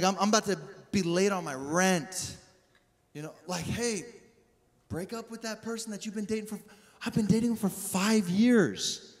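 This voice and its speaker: A young man preaching a lively, casual sermon on stage, joking, laughing and acting out voices. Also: sits high. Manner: casual and jokey, with acted-out inner voices and frequent laughs. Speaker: pastor. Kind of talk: energetic sermon. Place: church stage before a live audience. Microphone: handheld stage mic. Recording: long reverb of a church hall.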